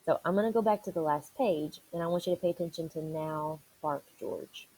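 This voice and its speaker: Woman teacher, picture-book read-aloud: encouraging, asks the kids questions, dark mellow tone. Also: fairly low pitch, rapid-fire, husky, rough recording. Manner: encouraging, asks and answers questions for young listeners.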